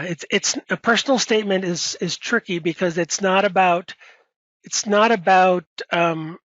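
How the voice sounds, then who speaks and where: A high-pitched man gives advice as a professor in a webinar Q&A, talking casually and correcting himself often. The sound is dry, with no room echo, and slightly muffled, as over a video call. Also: a bit bright. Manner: conversational, with many fillers and self-corrections.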